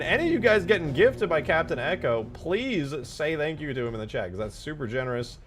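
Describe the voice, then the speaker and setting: A man hosting a casual livestream, joking, swearing, and loudly thanking viewers for gifts. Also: on the high side, brisk, hardly any pauses, soft background music. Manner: excitable, yells in thanks for gifts. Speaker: livestream host.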